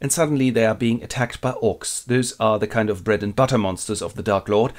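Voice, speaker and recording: A man with a German accent telling a fantasy epic as a quick comic retelling, narrating and jumping into character voices. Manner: playful, switches into squeaky voices for characters.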